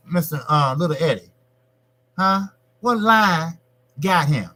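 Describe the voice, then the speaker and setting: Male boxing channel host; loose, cussing live-stream talk, a bit higher than average. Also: unhurried, long pauses. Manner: profane, repetitive, animated. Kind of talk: casual live-stream rant.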